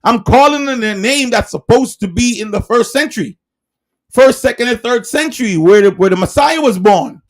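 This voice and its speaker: A man preaching in a livestreamed sermon, emphatic and firing rhetorical questions, sometimes shouting. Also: extremely high pitch, animated, normal speed.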